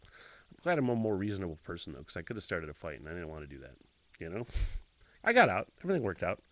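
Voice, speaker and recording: A man hosting a podcast and telling a story, swearing freely and acting out loud noises. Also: deep voice, quick pace, dry recording. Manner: profane, expressive retelling with loud sound effects. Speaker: podcast host.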